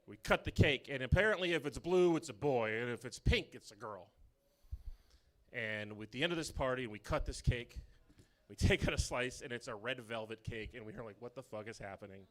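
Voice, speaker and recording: A man doing a stand-up comedy set in a club, delivering dark punchlines in a deadpan way. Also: medium pitch, normal speed.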